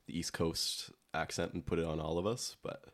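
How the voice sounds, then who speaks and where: Deep-voiced man rambling. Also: steady tone, normal speed. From Ontario, Canada. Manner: rambling, full of "like" fillers. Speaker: podcast co-host. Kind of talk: casual chat.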